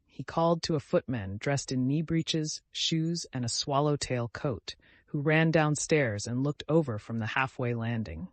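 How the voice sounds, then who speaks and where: A man narrating a classic novel in a steady, measured audiobook reading. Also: medium pitch, dry recording. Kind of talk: scripted narration.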